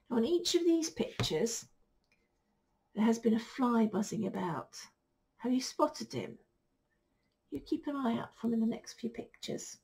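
Woman, teacher reading a picture book to kids; high, slow, soft-spoken with hushed whispers. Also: expressive, vocal fry. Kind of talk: picture-book read-aloud.

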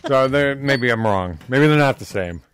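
A man's voice: medium pitch, expressive, normal speed, smooth. A man co-hosting a podcast, chatting casually in a profane, joking way. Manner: profane, joking, does silly voices. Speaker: podcast co-host. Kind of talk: casual chat.

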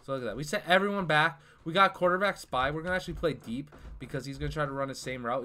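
A young man talks through his football video game match in a bright, sharp voice. He grumbles and trash-talks about his opponent's plays, then bursts into sudden loud shouts of frustration. He sits close to a desk mic, with a keyboard within reach. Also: fairly high pitch, fast, few pauses. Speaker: gaming YouTuber. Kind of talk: live gameplay commentary.

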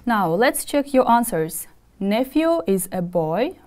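A woman teaching an English vocabulary lesson to schoolchildren, from Kyrgyzstan, speaking slowly and clearly and having pupils repeat words after her. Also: a little high, sing-song, a little mellow, soft background music.

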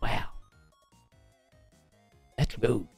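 A man's voice: very slow, darkish tone, no room sound, faint music behind. Blunt, joking man reacting to a clip. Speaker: reaction video host. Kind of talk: casual commentary.

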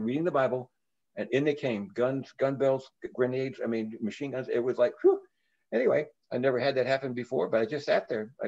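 A man's voice: mid-range voice, warm tone. Older reverend guy telling his story, earnest, lots of uh and restarts, kinda dull lo-fi sound. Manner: earnest, with frequent halting restarts. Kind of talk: storytelling in a recorded interview.

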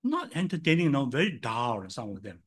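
Animated older Singaporean pastor preaching. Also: male voice, medium pitch, moderate pace, slightly rough. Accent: Singaporean English. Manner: animated storytelling, swinging from loud to soft. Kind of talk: sermon.

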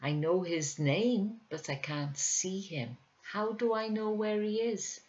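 A woman's voice: medium pitch, slow pace, a little mellow, lo-fi sound, voice pushed up, lightly acted. A woman voicing a shy, serious young boy who speaks hesitantly. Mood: earnest.

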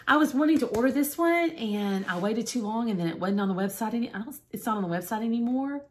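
A woman vlogger chatting excitedly through a makeup unboxing, gasping and gushing and often dropping to a whisper. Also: a little high, fairly quick, few pauses, a little hiss or hum.

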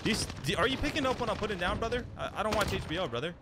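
A young man gives hyped, trash-talking commentary while he plays a shooter game. His voice sits a bit high and swings widely. Loud gunfire and explosions from the game play under him the whole time. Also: expressive, racing, noisy background. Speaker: gaming streamer. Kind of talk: live gameplay commentary.

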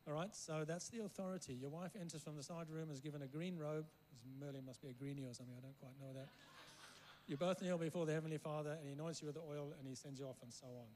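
A guest preacher who grew up in Africa and came to English only at school tells a winding story, stopping often to check in with his listeners. His man's voice sits fairly high. A faint hum runs behind him. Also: fairly even intonation, quick pace, few pauses, darkish tone, rough recording. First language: not English. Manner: rambling anecdotes, keeps checking in with the room. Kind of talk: storytelling sermon.

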